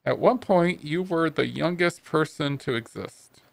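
A man voicing a talking toy tuna in a video game, reciting odd fun facts in a flat, matter-of-fact way. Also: on the high side, a little slow, gravelly, dry recording. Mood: deadpan. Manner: cheerful deadpan fact recital.

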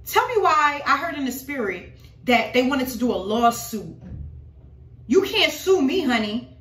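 A woman's voice: sits high, big pitch swings, a little slow, a bit bright, echoey room. A woman talking casually and dramatically to her followers about her faith, calling them y'all. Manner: emphatic, dramatic, addresses viewers as y'all. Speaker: religious vlogger.

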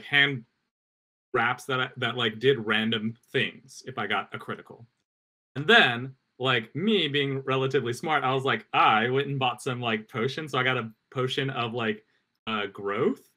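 A man's voice: mid-range voice, moderate pace, pushed and bright. A man co-hosting a casual podcast chat about tabletop games, rambling with many fillers and frequent laughs. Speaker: podcast co-host.

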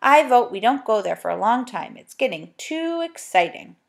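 Lady reading as a sensible young boy, earnest, bit gravelly. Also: on the high side, sing-song, normal speed. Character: eager young boy, sensible older brother.

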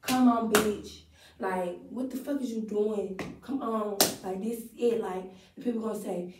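A woman's voice: mid-range voice, fairly even intonation, a little slow, echoey room, very noisy. A young woman, chatting bluntly and profanely to her vlog viewers about her acting homework. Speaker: vlogger and acting student. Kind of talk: casual vlog chat. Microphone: phone camera.

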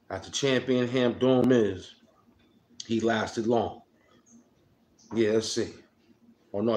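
A man's voice: mid-range voice, roomy sound. A man hosting a live stream, rambling in laid-back commentary. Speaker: stream host. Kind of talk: casual live-stream chat.

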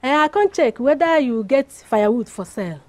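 A gossiping village neighbor with a Nigerian accent, dropping hints in a high but mellow voice. She sounds sly and gently insinuating. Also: lively intonation, a little fast. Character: nosy village neighbor woman, middle-aged.

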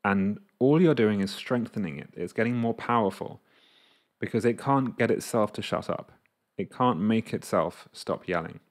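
A man talking casually to camera as a coach, explaining an idea through his own examples and acting out his inner voices. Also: on the low side. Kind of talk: casual reflective monologue to camera.

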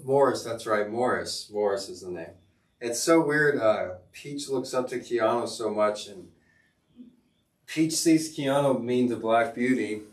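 A middle-aged man, a teacher hosting a casual livestream, rambling with many fillers and restarts. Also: mid-range voice. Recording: echoey room, far from mic, music behind.

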